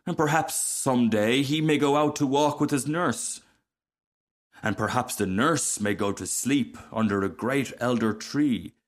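A man's voice: medium pitch, lightly acted. A man voicing a pompous, self-pitying male firework rocket in a storybook reading, haughty and theatrical. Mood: melodramatic.

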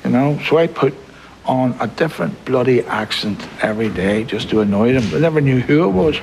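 An older grandfather from a film drama, speaking tenderly and reassuringly with a dry wit. His voice sits at an ordinary middle pitch. A faint room ambience hangs behind him. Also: expressive, a little fast, vocal fry, a little mellow, a little hiss or hum, poor audio. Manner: tender, reassuring, dryly humorous. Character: warm older grandfather, gentle and wry.

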